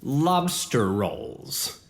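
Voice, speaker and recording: A young man co-hosts a loose podcast chat, rambling and laughing as he goes. His voice is animated, with pitch that swings widely, and he restarts his sentences often. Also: very slow. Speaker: podcast co-host. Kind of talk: casual chat.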